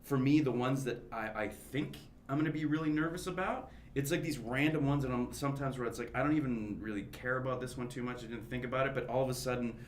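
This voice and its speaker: A man, an actor, telling a lively audition story in casual chat and quoting his own thoughts. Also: medium pitch, fast talker, hardly any pauses, echoey room, a little hiss or hum. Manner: animated, retells his own thoughts as quotes. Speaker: actor guest at a roundtable.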